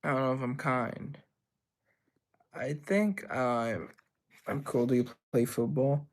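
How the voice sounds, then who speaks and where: This young man hosts a livestream, talking slowly in a mid-range voice. He reads viewers' chat messages aloud and responds with playful rambling.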